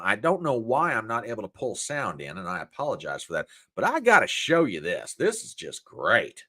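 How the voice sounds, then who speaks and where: Folksy man with a lively voice. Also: fairly low pitch, moderate pace, hardly any pauses. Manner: animated, folksy, indignant ranting. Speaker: host. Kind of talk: political commentary show.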